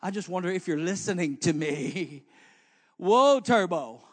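Speaking at a measured pace in a fairly high voice, a male pastor delivers a sermon that swings between hushed asides and loud appeals to the congregation. He uses many fillers and often restarts.

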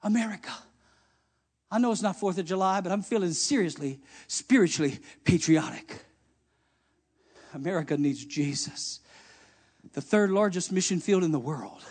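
A man pastor preaching a fiery sermon to a congregation in church. He shouts at the peaks and answers objections that he imagines from the crowd. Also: high-pitched, lively intonation, normal speed. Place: church service.

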